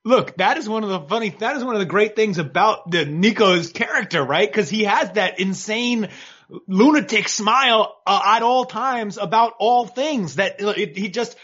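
A man's voice: sits high, animated, normal speed, a bit bright, breathy edge. Wry, rambling man on a dull line. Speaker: boxing podcast co-host. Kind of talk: casual podcast chat. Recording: dull lo-fi sound.

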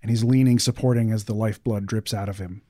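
A man running a tabletop game as game master, calmly narrating scenes and calling for dice rolls. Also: lowish voice, fast, no echo, studio quality. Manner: calm, descriptive narration.

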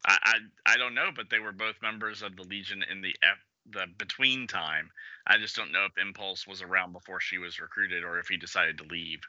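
A man's voice: low-pitched, steady tone, fairly quick, bright, forceful tone, no echo. A man co-hosting a podcast who stammers a little and politely raises continuity questions. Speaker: podcast co-host. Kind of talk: casual podcast discussion. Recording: dry, dull lo-fi audio.

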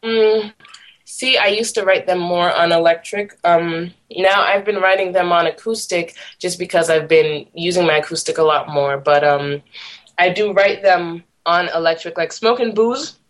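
A woman's voice: fairly low pitch, moderate pace. A young woman from the Boston area, a musician guest, chatting casually with frequent laughs and fillers. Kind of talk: casual interview chat.

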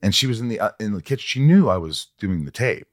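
A man's voice: fairly low pitch, animated, quick pace. A man hosting a podcast, chatting casually and telling rambling stories, with the odd swear word. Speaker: podcast host and actor. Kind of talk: casual interview chat.

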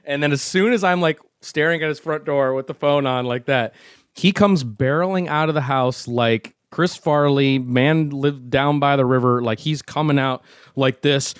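A man hosting a casual chat, telling a story in an animated way, acting out quotes and swearing freely. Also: medium pitch, moderate pace, smooth, no echo, studio quality. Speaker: show host telling a story.

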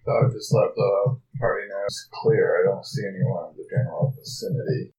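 A man's voice: low voice, fairly even intonation, brisk, mellow, distant mic, slight background noise, low-quality recording. A man playing a tabletop game, speaking plainly in casual table chat. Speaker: player.

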